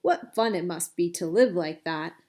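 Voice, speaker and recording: A woman voicing a spirited young princess with a bright, lively delivery. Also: lowish voice, normal speed, close to an everyday voice. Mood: wistful.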